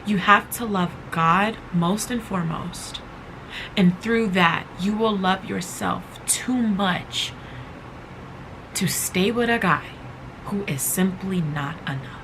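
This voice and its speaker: A woman's voice: medium pitch, slow pace, background noise. A woman hosting a motivational podcast, talking casually and emphatically, repeating phrases to drive her point home. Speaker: podcast host.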